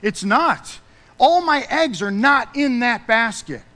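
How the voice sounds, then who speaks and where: A man preaching a sermon as pastor, emphatic, rising loud and dropping soft. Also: very high voice, animated, takes it slowly, in a large hall.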